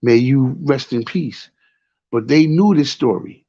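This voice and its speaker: A man's voice: mid-range voice, unhurried, warm tone, breathy edge, lo-fi sound. A man with a New York accent telling a rambling story in casual talk, often repeating "you know what I'm saying.". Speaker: show host.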